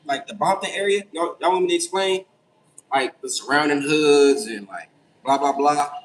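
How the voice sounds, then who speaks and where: A young man hosting a casual late-night livestream, reading chat and answering with animated, incredulous, profane reactions. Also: on the high side, moderate pace, rough recording. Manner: animated, incredulous, swears freely. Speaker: livestream host.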